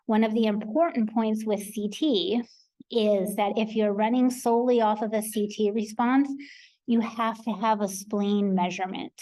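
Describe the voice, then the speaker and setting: A woman's voice: medium pitch, fairly even intonation, moderate pace, mellow, rough recording. An American woman, a research coordinator, giving a practical conference presentation with frequent ums. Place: conference hall.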